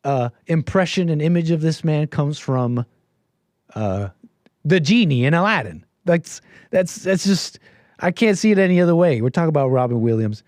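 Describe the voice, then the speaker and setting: Male streamer, casual rambling commentary, slightly high but mellow voice, dry close mic. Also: expressive, moderate pace, dry recording. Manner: rambling and self-correcting, drifting between quiet asides and louder bursts. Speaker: livestream host.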